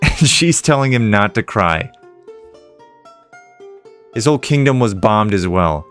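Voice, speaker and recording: A man's voice: lowish voice, lively intonation, unhurried, fairly bright tone. A man casually commenting aloud while he plays a game. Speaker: let's play gamer. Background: game music.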